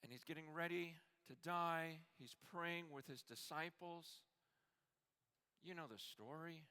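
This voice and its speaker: A male preacher delivers a sermon with real passion, dropping to near-whispers and then rising almost to a shout. He stumbles over repeated words when he is moved. His voice sits a little high and has a bright, forceful edge. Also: clear, resonant tone. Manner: impassioned, swinging from hushed to near-shouting; halting restarts when moved. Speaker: conference preacher.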